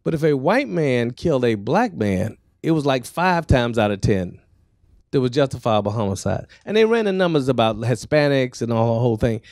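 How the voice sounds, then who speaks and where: A man, co-author of the book, adding points at a book talk, halting and repeating words as he builds his argument. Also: mid-range voice, very animated, a little mellow, no echo, studio quality.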